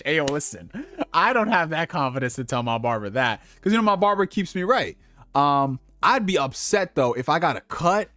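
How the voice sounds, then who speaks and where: A man's voice: on the high side, very animated, moderate pace, pushed and bright, no echo. A young man hosting a casual livestream, giving dating advice in a loose, profane way and laughing at his own slips. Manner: talks directly to viewers with slang.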